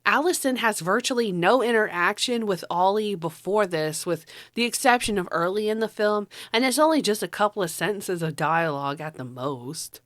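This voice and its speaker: A woman talks through a film in a loose, casual review, blunt and openly sarcastic, with a lot of cursing. Her voice sits at a middling pitch. The sound is dry and close, with no room echo. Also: normal speed, few pauses. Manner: blunt, sarcastic, swears freely. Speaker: movie reviewer. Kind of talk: casual spoken movie review.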